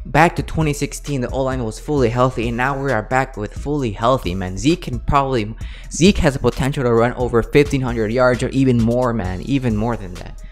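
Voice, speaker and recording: A man giving casual, emphatic sports fan commentary to camera, a bit out of breath, tacking "guys" and "okay?" onto his points. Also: medium pitch. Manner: emphatic, fired-up, says "guys" and "okay?" a lot.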